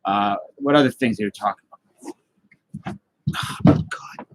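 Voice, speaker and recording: A man's voice: on the low side, a little slow, no room sound, low-quality recording. A man hosting a casual live stream, rambling loosely and greeting viewers by name as he reads their comments. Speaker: livestream host.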